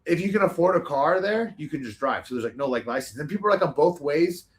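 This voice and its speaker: A man tells animated, rambling stories as a guest on a casual talk show. He talks very fast, with lots of fillers and restarts, and his voice sits fairly high for a man.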